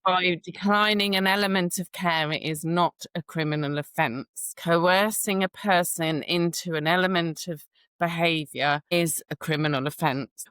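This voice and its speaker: A woman's voice: deep voice, fairly bright tone, clean tone, dry recording. A woman who works in birth, giving firm, matter-of-fact advice in a podcast interview and acting out short dialogues. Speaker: birth worker.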